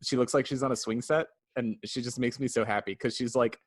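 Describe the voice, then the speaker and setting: A man's voice: mid-range voice, fairly quick, no echo. Chatty man on a dry mic. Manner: animated retelling, acts out characters' lines. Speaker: podcast co-host. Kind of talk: casual podcast review chat.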